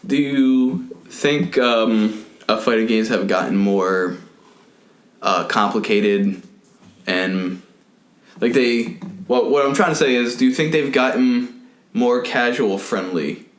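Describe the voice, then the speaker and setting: A man hosting a podcast, asking questions in a relaxed way and teasing his guest with dry humor. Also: mid-range voice, slow. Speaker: podcast host. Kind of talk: casual interview. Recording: echoey room.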